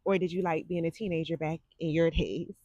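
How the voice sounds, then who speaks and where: A woman in her forties talks briskly in a low-pitched, warm voice with a steady tone as she hosts a casual psychic livestream. She's chatty and sassy, addressing viewers directly, and her desk microphone yields a muffled recording with no echo.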